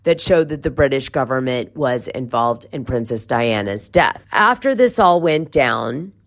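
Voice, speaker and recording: Female podcast host with a deep voice, chatty solo monologue that explains each step. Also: lively intonation, measured pace. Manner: conversational, explains step by step with fillers.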